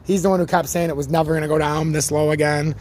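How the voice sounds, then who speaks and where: A slightly high-voiced man with a worn-out voice rants through his crypto chart breakdown. He swears freely and leans on sports comparisons, talking in a loose, fired-up way. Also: fast talker. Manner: ranting, swears freely, animated sports analogies. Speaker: crypto chart analyst, channel host. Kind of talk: casual profane market commentary.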